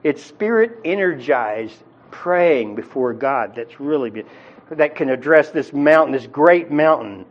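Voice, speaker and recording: A man's voice: mid-range voice, lively intonation, unhurried, highs cut off. A man preaching a sermon in a conversational teaching style, with frequent fillers and restarts. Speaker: pastor.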